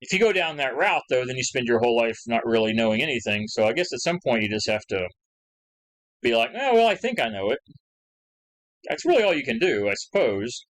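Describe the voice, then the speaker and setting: Animated, chatty male history lecturer. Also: medium pitch, a little fast, rough recording. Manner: conversational, rambling with asides and fillers; acts out quoted questions with rising emphasis. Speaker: history teacher. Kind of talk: recorded lecture.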